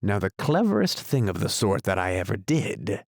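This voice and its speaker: A solemn, befuddled knight obsessed with strange inventions comes to life as a man reads a storybook, his low, gravelly voice exaggerated and sing-song. He speaks gravely and thoughtfully at normal speed, recorded close and dry with no room sound.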